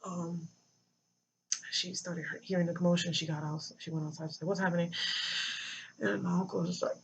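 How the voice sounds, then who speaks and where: Halting vlogger telling a hard story. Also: medium pitch, flat delivery. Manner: halting, many fillers and restarts. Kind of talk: personal storytelling. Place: near a road with passing cars. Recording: dull lo-fi with faint traffic noise.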